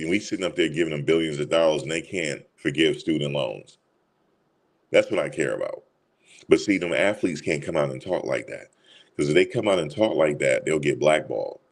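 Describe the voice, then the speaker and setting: A man with a very deep, low voice talks in a loose, casual way. He is blunt, repeats his points, and speaks straight to his listeners as y'all. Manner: blunt, informal, repeats himself for emphasis; addresses listeners directly as y'all. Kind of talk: casual opinion talk.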